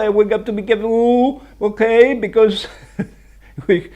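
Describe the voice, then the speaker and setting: Builder guy with a pretty high voice, chatting away on site and cracking himself up at his own jokes. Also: fairly even intonation, a little slow, darkish tone. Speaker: licensed builder. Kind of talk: casual chat reacting to clips.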